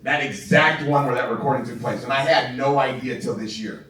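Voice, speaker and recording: A man giving an energetic, excitable motivational training talk to a live audience in a large room, laughing often and asking "right?" a lot. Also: medium pitch, normal speed. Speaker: sales trainer. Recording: echoey room, voice from far off.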